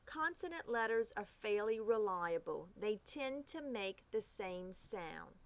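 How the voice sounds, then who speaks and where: A woman teaching phonics rules, reading each rule slowly and carefully, sounding out the letters. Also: mid-range voice, animated. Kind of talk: phonics lesson.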